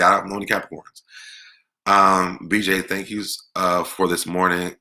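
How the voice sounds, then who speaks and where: Low-voiced man chatting on a livestream. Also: fairly even intonation, normal speed, pushed and bright. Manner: chatty, laughing, reads comments aloud and answers them. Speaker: livestream host reading viewer comments. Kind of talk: casual chat.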